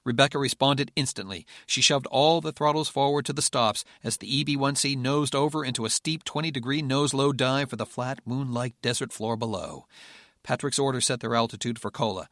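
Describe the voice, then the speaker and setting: A man reading a military thriller audiobook in steady, measured narration. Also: mid-range voice, dry recording, studio quality. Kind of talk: scripted narration.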